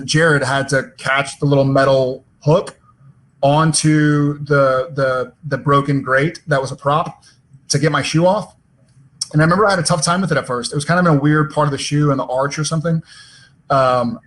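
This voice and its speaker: A man on a virtual fan panel, telling stories from set in a lively way and openly moved. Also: a little high. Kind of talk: casual panel chat. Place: home, on a video call.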